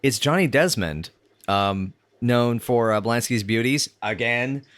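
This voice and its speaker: A podcast co-host chats casually about a sitcom episode in a mid-range, expressive voice at a measured pace. The sound is a bit bright with no echo, and he rambles with lots of fillers and restarts.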